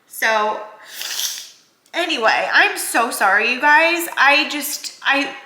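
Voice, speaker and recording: Rambling, teary young mom, bright voice. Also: female voice, sits high, expressive, slow pace. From New Jersey. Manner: emotional, rambling with many restarts and fillers. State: tearful, crying. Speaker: vlogger, working mom. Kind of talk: casual vlog talk to camera. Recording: roomy echoey room sound.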